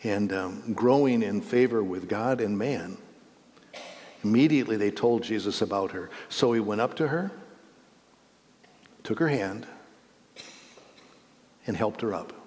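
A man's voice: on the low side, a little slow, pauses often, darkish tone, slight background noise. A man teaching a Bible lesson as a sermon, emphatic, rising on key words and correcting himself as he goes. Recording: echoey hall reverb.

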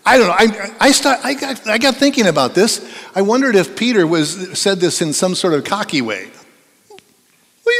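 A middle-aged male pastor preaching in a church, his slightly high voice rising and falling with lively, animated swings. He talks in a loose, conversational way and coaxes his listeners to take part. The sound carries a long reverb from the sanctuary. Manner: conversational, playful, coaxing the congregation. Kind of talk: sermon.

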